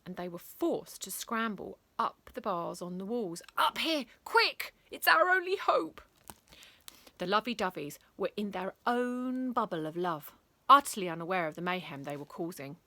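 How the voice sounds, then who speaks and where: A woman reading a bedtime story aloud, playful and expressive, switching into character voices. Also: fairly low pitch, moderate pace, no room sound.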